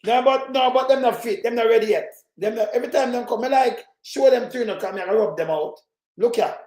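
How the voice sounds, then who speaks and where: A Jamaican man giving loud, mocking political commentary, often shouting. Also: very high voice, fast talker, echoey room. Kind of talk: ranting commentary over clips.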